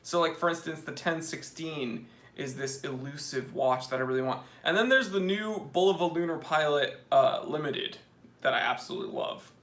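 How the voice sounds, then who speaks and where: Guy hosting a chill live stream q&a, bright punchy voice, reading chat and joking around, echoey room. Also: on the high side, moderate pace. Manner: chatty, joking, reads viewer comments aloud.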